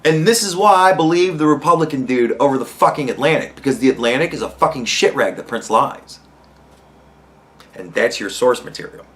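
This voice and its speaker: A young man hosting a podcast, ranting heatedly with constant swearing and rising to shouts. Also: mid-range voice, lively intonation, brisk. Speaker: podcast host. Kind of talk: profane rant commentary.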